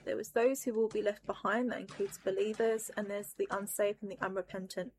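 A woman recounts a vision in a solemn, intense way. Her voice sits in a middle pitch. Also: steady tone, brisk, a little mellow, a little hiss or hum. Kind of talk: personal testimony of a vision.

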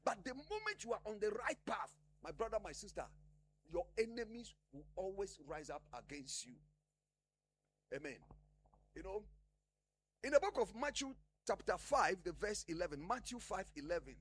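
A man's voice: high voice, very animated, moderate pace, fairly bright tone, breathy edge. A man preaching a sermon, emphatic, often asking the congregation a question and answering it himself.

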